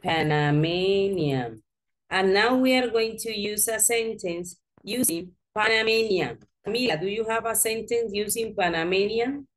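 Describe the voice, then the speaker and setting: A woman's voice: fairly high pitch, normal speed, hardly any pauses. A woman with a Spanish accent, English as a second language, teaching an English class in a classroom and patiently repeating and correcting her pupils.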